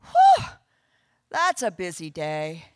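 Brief: woman preacher, high voice, animated storyteller acting out scripture characters, close dry mic. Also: normal speed, dry recording. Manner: animated storytelling, acts out biblical characters in casual modern speech. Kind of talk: sermon.

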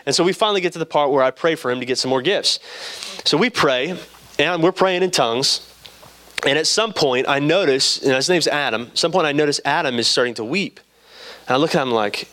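A man's voice: medium pitch, brisk, bright, forceful tone. Casual young male preacher telling a story. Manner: casual storytelling, acts out dialogue. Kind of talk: sermon with personal story.

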